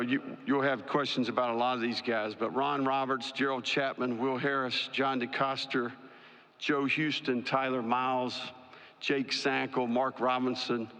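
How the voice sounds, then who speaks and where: Football coach speaking in a reverberant hall. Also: male voice, medium pitch, fairly bright tone. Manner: measured, emphatic, list-like delivery. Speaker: college football head coach. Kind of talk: prepared press conference remarks. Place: large media day ballroom. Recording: long reverb in a large hall.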